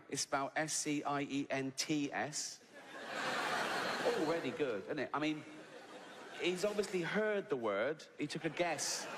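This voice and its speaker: Sardonic British man doing stand-up. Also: fairly high pitch. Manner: sardonic, mocking, building to incredulous outbursts. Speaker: stand-up comedian. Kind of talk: live stand-up routine. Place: large live venue with audience. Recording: live hall recording with audience ambience.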